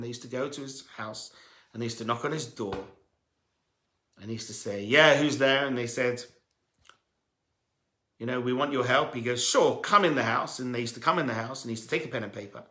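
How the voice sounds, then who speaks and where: A man, a rabbi, telling a story as a sermon, animated and acting out the voices of the people in it. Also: mid-range voice, fast, echoey room.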